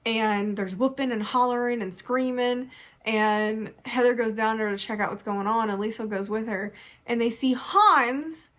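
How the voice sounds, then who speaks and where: Her voice sits on the high side and she speaks a little slowly. This young adult woman reviews a book in a casual, lively chat, frequently laughing and acting out how she reacted.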